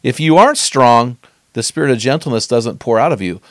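A middle-aged man teaching on scripture in an earnest, conversational way, slowing down to stress key phrases. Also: mid-range voice, expressive, no echo, clean studio sound.

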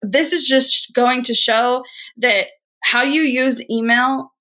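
Reassuring bright woman, casual. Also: a little high, fairly even intonation, slow pace. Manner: reassuring, wrapping up points. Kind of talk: casual chat.

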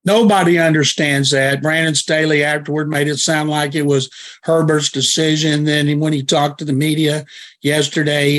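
Male football columnist, higher-pitched voice, blunt and emphatic opinions. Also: flat delivery, moderate pace, a bit bright. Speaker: football analyst guest and columnist. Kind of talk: sports talk radio discussion.

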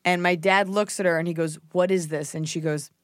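A woman's voice: on the low side, steady tone, brisk, no echo. A woman co-hosting a casual chat, frank and opinionated with a dry teasing edge. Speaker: podcast co-host.

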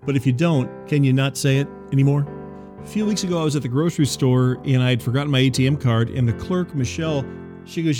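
A man hosting a comic audio show, telling rambling neighborhood stories in a dry, deadpan way with wry asides. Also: mid-range voice, a little fast, music in the background. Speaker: host.

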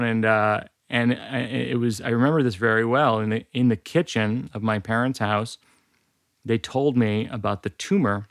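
A man's voice: mid-range voice, a bit bright, dry recording, studio quality. A man in his forties telling a personal story in a candid, wry, self-deprecating way. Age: 40s.

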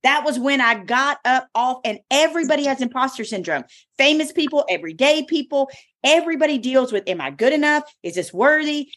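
Emphatic, expressive woman telling her story. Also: high-pitched. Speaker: podcast host and author. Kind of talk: casual podcast chat.

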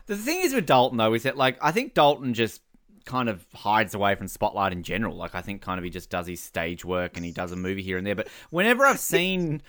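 A man co-hosts a casual podcast and jokes his way through a film commentary. His voice is bright and forward, and his pitch swings freely up and down. He laughs often as he talks. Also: fairly quick. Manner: joking, animated, laughs often. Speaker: podcast co-host.

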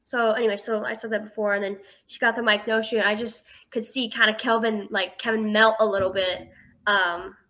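A woman's voice: mid-range voice, little pitch movement, brisk, pushed and bright. An eighteen-year-old woman telling a story as a guest in a casual interview, chatty and filling her speech with "like".

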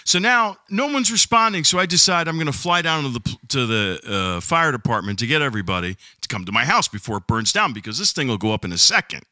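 A man in casual chat, telling a story with excitable, animated energy. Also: mid-range voice, fast talker, hardly any pauses, dry recording, studio quality. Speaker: storyteller being interviewed.

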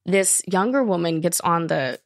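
A woman's voice: fairly low pitch, normal speed, dry recording, clean studio sound. An American woman, a podcast guest, chatting casually and telling stories, acting out the people she quotes. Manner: animated storyteller, acts out quotes.

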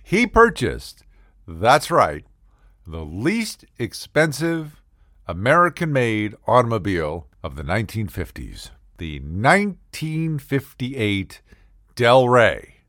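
A male comedian spins a comic monologue with a wry, sarcastic edge. His pitch leaps and dips animatedly as he exaggerates, at a middle height for a man. The sound is dry and close. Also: huge pitch swings, slow, a bit bright, dry recording.

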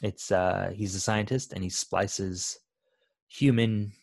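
A man's voice: lowish voice, steady tone, slow, creaky, dry recording, clean studio sound. A man co-hosting a casual podcast, enthusiastic as he retells favorite scenes. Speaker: podcast co-host. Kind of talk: casual film discussion.

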